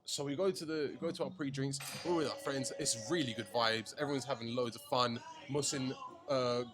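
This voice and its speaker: A young man, telling a night-out story in casual podcast chat, animated, slangy and swearing. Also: medium pitch, fairly quick. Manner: animated, swearing, slangy, acts out friends' lines. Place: shisha lounge. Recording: music playing behind.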